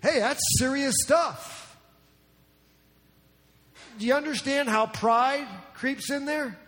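A man's voice: very high voice, slow pace, a bit bright. A man from New Jersey preaching a sermon as a pastor, in a conversational, joking way. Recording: long reverb in a large hall.

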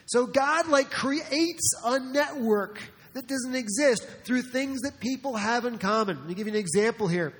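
A man from New Jersey preaches with a high, light voice, chatting his way through the sermon and slipping in jokes. The sound carries a long reverb from the sanctuary. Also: moderate pace, a bit bright, breathy edge. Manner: conversational, joking asides, acts out quotes. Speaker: pastor.

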